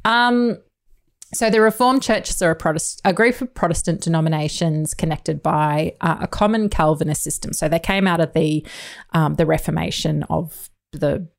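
Chatty woman podcaster, slightly low. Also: normal speed, gravelly. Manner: chatty, researched, lots of ums and asides. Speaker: podcast co-host. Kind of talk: casual chat.

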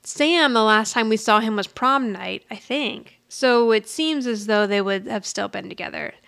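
A woman's voice: fairly high pitch, moderate pace, creaky, fairly bright tone, clean tone. A woman co-hosting a podcast, casually retelling a sitcom episode and quoting its characters with frequent laughs. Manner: chatty storyteller, quotes characters, laughs often. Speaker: podcast co-host.

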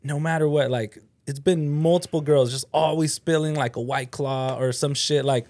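A man's voice: on the high side, fairly even intonation, normal speed, a little mellow. A man co-hosting a casual podcast, telling a rambling story with lots of filler "like". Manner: rambling, heavy on "like". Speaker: podcast co-host. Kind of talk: casual chat.

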